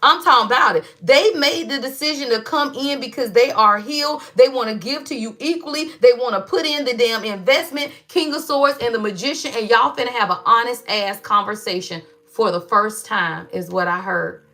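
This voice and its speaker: A woman giving a casual tarot reading, animated and slangy, who keeps calling her viewers y'all. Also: a little high, normal speed, few pauses. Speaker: tarot reader.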